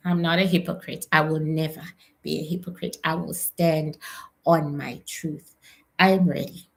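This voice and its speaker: A woman psychic medium from South Africa, giving a live spirit reading in a slow, emotional and repetitive way with a gravelly voice. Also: lowish voice.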